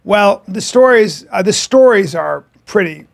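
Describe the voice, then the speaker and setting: A man co-hosting a podcast, telling animated stories in casual chat. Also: high voice, unhurried, gravelly. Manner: animated storyteller, acts out quotes. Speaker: podcast co-host.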